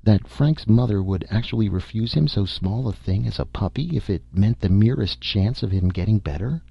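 A man reading the part of a stern, blunt woman nurse, with pointed, crisp questions. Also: on the low side, animated, normal speed, no room sound, muffled recording, voice pushed up, exaggerated voice. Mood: sharp.

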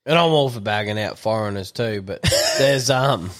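A man's voice: lowish voice, normal speed, fairly bright tone. A man, a laid-back joking co-host in casual podcast chat.

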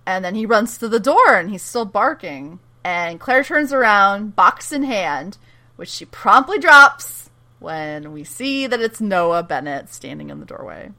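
A woman's voice: medium pitch, unhurried. A woman casually recapping a TV episode, animatedly acting out the characters' lines and laughing often. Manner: animated retelling with quoted dialogue and frequent laughs. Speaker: podcast co-host recapping a TV episode. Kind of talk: casual chat.

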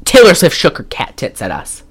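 A woman's voice: low voice, wildly swooping pitch, moderate pace, husky. Exasperated woman ranting on a podcast. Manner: exasperated, blunt, rambling with restarts. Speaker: podcast co-host. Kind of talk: casual chat.

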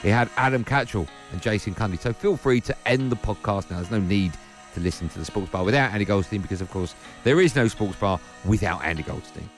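A man presents the podcast links at a fast pace with a very animated, jumpy delivery. He is playful and self-mocking, with soft music running faintly behind him. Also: on the low side.

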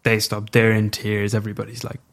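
A man's voice: on the low side, completely flat delivery, fairly quick, fairly bright tone. A young man telling a personal story as a podcast guest, frank and reflective, swearing casually.

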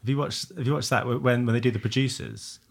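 A man's voice: mid-range voice, steady tone, fast talker, gravelly. A man co-hosting a podcast, hesitant with many ums, and wry. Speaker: podcast co-host. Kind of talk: casual interview chat.

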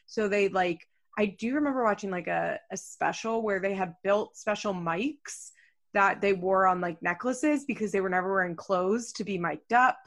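A woman co-hosts a podcast in casual conversation, speaking at medium pitch and normal speed. She has a mild speech impediment and talks loosely and chattily, with lots of fillers and some swearing.

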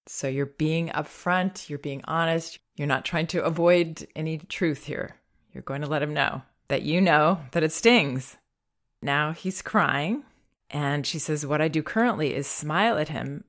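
A middle-aged woman hosting a parenting podcast, giving advice in a calm, earnest, gently explanatory way. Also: sits low, measured pace.

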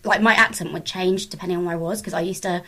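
A woman from England, a podcast guest, talking casually in a halting way full of fillers. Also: fairly low pitch, steady tone, pushed and bright. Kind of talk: casual conversation.

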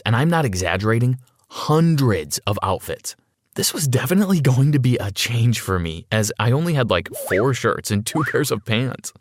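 A man narrating a first-person story in an expressive storytelling manner. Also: lowish voice, no room sound, studio quality.

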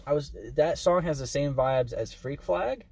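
A man's voice: on the high side, unhurried, creaky, darkish tone, breathy edge, no echo. A young man co-hosting a podcast in casual chat, blunt and swearing freely. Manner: blunt, swears a lot, mimics actors. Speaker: podcast co-host.

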